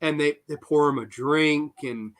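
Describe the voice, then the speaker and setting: A man's voice: fairly high pitch, measured pace. A man hosting a podcast, chatting casually and emphatically about what he loves. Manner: enthusiastic, emphatic. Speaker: podcast host. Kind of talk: casual chat.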